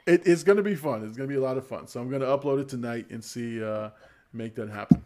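A man's voice: medium pitch, fast talker, a crowd in the background. A man in his forties hosting a casual livestream podcast, chatty and rambling, laughing often. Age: 40s. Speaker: podcast host.

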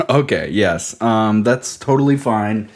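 Low-voiced man with wry asides. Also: takes it slowly. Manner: wry, meandering, deadpan jokes. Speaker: podcast co-host reviewing beer. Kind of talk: casual chat.

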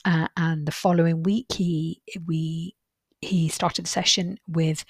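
A woman's voice: low voice, flat delivery, slow pace, husky, no echo, clean studio sound. A woman therapist hosting a podcast monologue, earnest and reassuring, who repeats phrases for emphasis as she shares client stories. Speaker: solution-focused therapist, podcast host.

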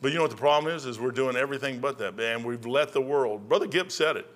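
An older man preaching a sermon as pastor, plain-spoken and folksy, building to loud outbursts. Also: mid-range voice, fast.

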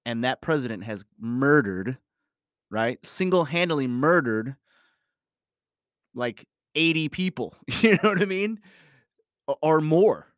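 A man's voice: medium pitch, lively intonation, takes it slowly, long pauses, fairly bright tone, dry recording, studio quality. A man telling a personal story in a casual monologue, rambling and emphatic, swearing often and leaning on "you know". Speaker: parent talking about his family.

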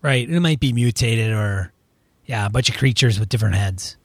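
A man's voice: medium pitch, fairly quick, no echo, clean studio sound. A man co-hosting a casual tabletop gaming podcast, joking playfully with his co-host.

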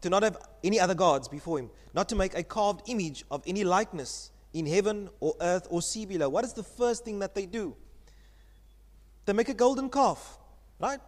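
A man's voice: high-pitched, moderate pace. A male pastor preaching a sermon, reading scripture and asking the congregation questions as he teaches. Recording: church hall reverb.

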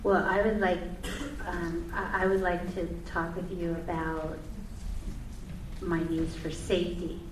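A woman taking part in a workshop role-play, halting and hesitant, recorded in an echoey room from a distance. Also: fairly low pitch, little pitch movement. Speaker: workshop participant. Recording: echoey room from far off with background noise.

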